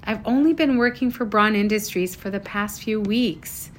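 A woman voicing a stiff, formal grown-up father in a storybook reading, speaking in a measured, formal way. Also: medium pitch, natural voice. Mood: pleading.

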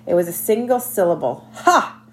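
Audiobook narrator: woman, mid-pitched, lively, expressive storybook delivery. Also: normal speed. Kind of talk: scripted narration.

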